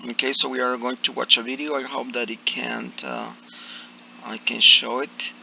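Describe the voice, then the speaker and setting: Male English teacher, gravelly and bright-toned, slow and hesitant, slightly dull audio. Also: medium pitch, level tone, slight background noise. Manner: hesitant, many fillers and restarts. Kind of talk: online class explanation.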